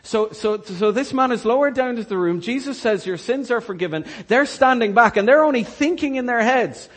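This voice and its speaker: A man preaching a sermon, telling Bible stories with animated, rising energy at the dramatic parts. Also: normal speed, slightly rough. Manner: animated storytelling, rising in pitch and volume at dramatic retellings. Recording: long hall reverb.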